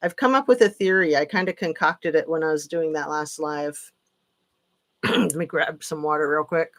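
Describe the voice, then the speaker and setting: A woman's voice: low-pitched, normal speed, a bit bright. A woman hosting a live stream, rambling and sarcastic with lots of fillers, tired late at night. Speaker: political commentary channel host. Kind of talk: casual live-stream commentary.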